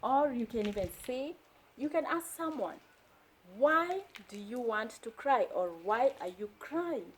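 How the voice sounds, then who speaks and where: A woman from Kenya teaching a slow beginner language lesson, repeating each phrase carefully. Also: on the high side, animated, a little hiss or hum, poor audio. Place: indoors during heavy rain. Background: rain.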